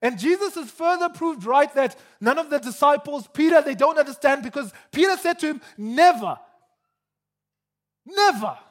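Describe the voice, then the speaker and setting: A man preaching a sermon with animated emphasis, often repeating words as he builds his points. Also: very high voice, brisk, hardly any pauses.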